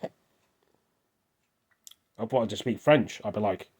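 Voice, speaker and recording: Unhurried and a little mellow, a lowish-voiced man from England rambles to camera on his phone. It's a casual vlog monologue that hops between topics.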